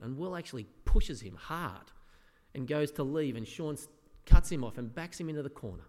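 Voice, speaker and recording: A man preaching an earnest sermon as a pastor, often dropping to a soft, quiet voice. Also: mid-range voice, lively intonation, brisk. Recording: echoey hall with long reverb.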